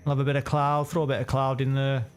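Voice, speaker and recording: Chatty sim racing streamer. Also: male voice, mid-range voice, flat delivery, fast talker, smooth. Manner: chatty, rambling, self-correcting. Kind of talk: live gameplay commentary.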